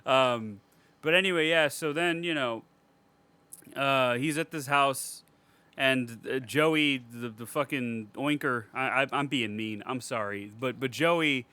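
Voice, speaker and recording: A man's voice: mid-range voice, slow pace, pushed and bright, smooth, no room sound. A man co-hosting a podcast, chatting casually about a horror movie in a rambling, profane way with frequent laughter. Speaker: podcast co-host.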